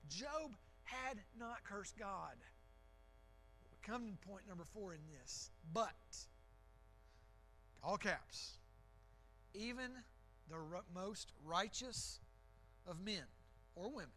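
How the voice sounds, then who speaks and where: A man's voice: high voice, takes it slowly, pauses often, sharp tone, soft background music, low-quality recording. A man preaching a sermon in a church, talking in a conversational, emphatic way with frequent restarts. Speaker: pastor.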